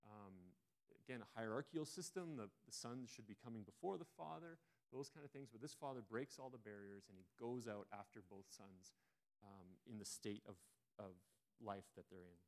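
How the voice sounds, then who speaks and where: A man preaching a sermon, retelling a story in a relaxed, conversational way with frequent restarts. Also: on the low side, normal speed.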